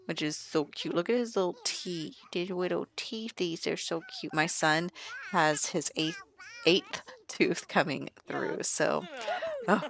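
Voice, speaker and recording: A woman's voice: low voice, takes it slowly, creaky, a bit bright. A woman hosting her gaming channel, chatting and giggling through casual gameplay commentary.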